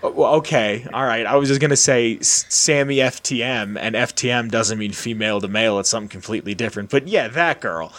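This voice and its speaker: A man's voice: mid-range voice, a little fast, few pauses. A man in his late twenties telling a long story in casual podcast chat, acting out the people he quotes. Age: late 20s. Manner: animated, acts out quoted voices.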